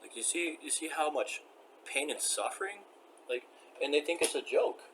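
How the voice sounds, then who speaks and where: A man's voice: a little high, lively intonation, normal speed, fairly bright tone, slight background noise. An upset man venting in a personal vlog rant, agitated, rambling and repeating himself.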